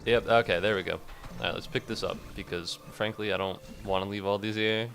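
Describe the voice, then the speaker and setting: A gaming streamer with a fairly low, slightly bright voice and vocal fry talks fairly quickly with fairly even intonation over faint music. He swears freely, chats to the creatures on screen, and addresses his chat between bouts of play.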